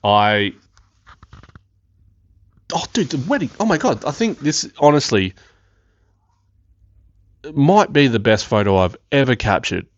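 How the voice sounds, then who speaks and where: A young man hosting a podcast, telling a story in a loose, excitable way, swearing freely and laughing often. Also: mid-range voice, measured pace, long pauses, dry recording, muffled recording. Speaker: podcast host. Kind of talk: casual storytelling.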